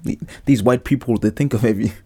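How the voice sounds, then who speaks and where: Man, podcast host, gravelly, dark tone, crude jokey rambling. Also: medium pitch, quick pace. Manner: profane, joking, rambling asides. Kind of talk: casual comedic monologue.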